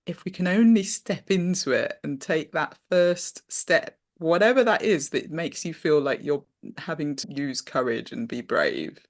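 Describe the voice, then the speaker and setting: A woman's voice: low-pitched, unhurried. A British woman hosting a podcast, encouraging and appreciative as she wraps up an interview. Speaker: podcast host. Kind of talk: interview wrap-up and solo outro.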